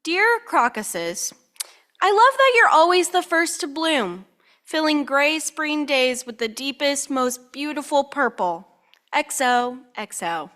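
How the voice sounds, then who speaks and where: A woman's voice: high voice, expressive, slow pace, a bit bright, full character voice. A woman reading the lines of a cheerful little girl from a storybook during a church service, in an earnest, sing-song way. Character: cheerful little girl writing love letters. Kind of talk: reading a picture book aloud in church.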